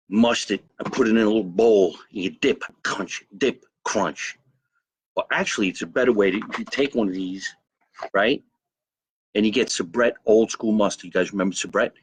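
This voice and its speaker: A man's voice: lowish voice, moderate pace, husky. A man hosting a live comedy stream from his backyard grill, rambling, boasting and greeting viewers by name. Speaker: host of a live comedy show. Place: backyard by a grill and pool, outdoors.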